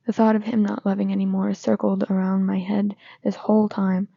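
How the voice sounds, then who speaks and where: Woman with a gravelly, mellow reading voice. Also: mid-range voice, a little fast, no room sound. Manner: steady, plain reading with small slips and restarts. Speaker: fanfiction reader. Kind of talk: reading fanfiction aloud. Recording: slightly dull lo-fi recording.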